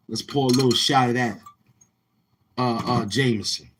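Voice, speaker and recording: A man's voice: medium pitch, fairly even intonation, normal speed, background noise. A man hosting a casual livestream, talking in brash, heckling, slang-heavy banter. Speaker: live-stream host.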